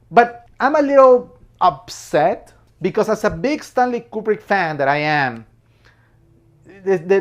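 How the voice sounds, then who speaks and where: A man's voice: sits high, highs cut off. A man giving a casual, opinionated film commentary. He talks emphatically, keeps apologizing, repeats himself and laughs between points. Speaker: movie reviewer.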